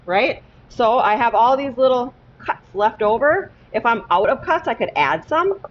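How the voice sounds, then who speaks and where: A woman's voice: on the high side, animated, normal speed, muffled recording, slight background noise. A woman teaching a cooking lesson in her kitchen, talking step by step and often checking in with "okay?". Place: home kitchen.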